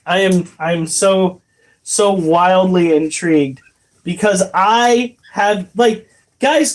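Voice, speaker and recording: Streamer, slow, swears a lot, baffled by the chat. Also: mid-range voice. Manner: profane, incredulous, rambling. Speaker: livestreamer reading chat. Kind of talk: casual livestream chat.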